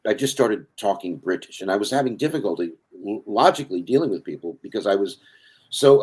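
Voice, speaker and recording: As a guest on a podcast, this older man tells meandering stories in a casual way, frequently breaking into his own sentences. He has a husky, slightly mellow voice of fairly low pitch.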